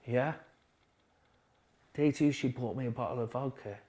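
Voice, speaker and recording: Halting, quiet-spoken man. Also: medium pitch. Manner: quiet, halting storytelling with restarts, dropping softer at hard moments. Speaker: podcast guest. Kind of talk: recovery story interview.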